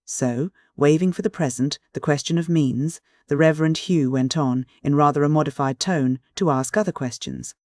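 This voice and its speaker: An audiobook reader narrating a classic novel in a measured, even manner. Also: mid-range voice, no room sound, clean studio sound.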